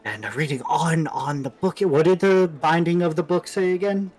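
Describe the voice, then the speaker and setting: Animated young-sounding man playing a tabletop game. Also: a little high, moderate pace. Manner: animated, slips into a theatrical conspiratorial voice in character. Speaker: player. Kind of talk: tabletop role-play, in and out of character.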